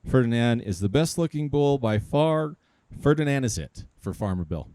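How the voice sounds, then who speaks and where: A man's voice: medium pitch, expressive, moderate pace, warm tone, no room sound. A man doing stand-up at an outdoor park show, telling a joke in a loose, hesitant way. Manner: loose, hesitant storytelling with fillers. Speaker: stand-up comedian.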